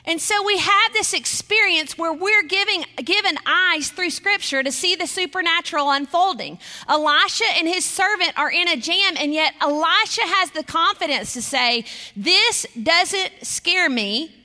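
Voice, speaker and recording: A woman's voice: very high-pitched, moderate pace, hardly any pauses, sharp tone. A middle-aged woman giving a sermon as a guest speaker, earnest and storytelling, reading scripture aloud. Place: church sanctuary. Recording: long hall reverb.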